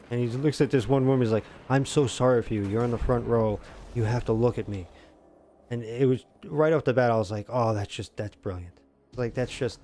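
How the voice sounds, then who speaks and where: Self-mocking streamer dad, low mellow voice. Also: male voice, a little hiss or hum. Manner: self-mocking, rambling with many fillers. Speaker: gaming streamer. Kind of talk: casual live-stream chat while gaming.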